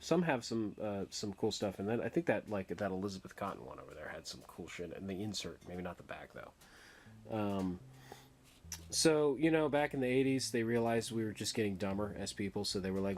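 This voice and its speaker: A man's voice: fairly low pitch, big pitch swings, a little fast. A man hosting his own record collection vlog, rambling in casual, crude, joking chat that trails off into mumbles.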